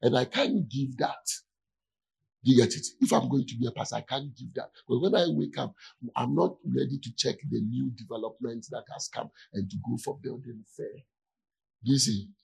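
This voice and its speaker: Gravelly-voiced pastor. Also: male voice, medium pitch, normal speed, darkish tone, poor audio. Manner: keeps checking in with listeners. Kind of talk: conversational sermon.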